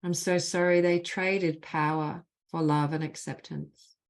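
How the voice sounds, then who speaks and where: Woman, low voice, spiritual mentor on a video call, guides slow repeated healing phrases. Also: fairly even intonation. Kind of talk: guided clearing session with spoken healing phrases.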